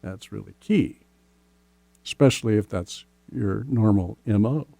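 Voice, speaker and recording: A man hosting a relationship podcast as a coach, speaking gently and slowly, often ending points with "right?". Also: lowish voice, gravelly, dry recording. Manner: gentle, slow, many "right?" tags. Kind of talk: casual podcast advice.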